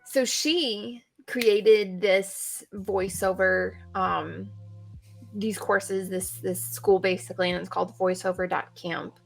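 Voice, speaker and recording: Bubbly, giggly young woman with a gravelly edge. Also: medium pitch, fairly even intonation, slow pace, faint music behind. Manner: bubbly, giggly, rambling storyteller. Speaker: guest streamer and cosplayer. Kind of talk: casual chat.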